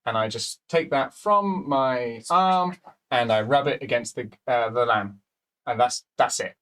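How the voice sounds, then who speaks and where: A man's voice: medium pitch, a little slow, fairly bright tone. A man playing a character in an improvised tabletop game, upbeat and chatty as he describes his actions. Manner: upbeat, chatty, lots of "good stuff" and "excellent". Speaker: player.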